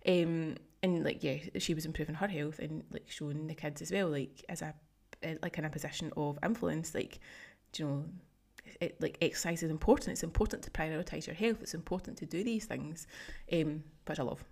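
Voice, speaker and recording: A woman's voice: deep voice, steady tone, brisk, gravelly, a little mellow. A woman in her thirties, a fitness coach hosting a casual solo podcast, talking chattily and emotionally with lots of fillers. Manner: chatty, heavy use of "like", emotional and gushing. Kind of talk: casual solo podcast, reading client feedback.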